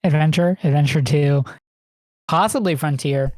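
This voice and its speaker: A man's voice: fairly high pitch, moderate pace, a little mellow, no room sound. A man co-hosting a podcast, chatting casually and telling rambling stories full of swearing and laughter. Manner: rambling, profane storytelling with frequent laughs. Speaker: podcast co-host. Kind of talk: casual chat.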